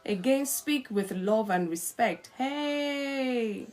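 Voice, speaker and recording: A middle-aged woman talks straight to her listeners about marriage, her voice sitting a little high. She speaks in an earnest, coaching way that turns lively when she acts out a spouse mid-argument. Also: moderate pace, soft background music. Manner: animated, acts out quarrelling spouses in quotes. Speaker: host. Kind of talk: live-stream marriage advice talk.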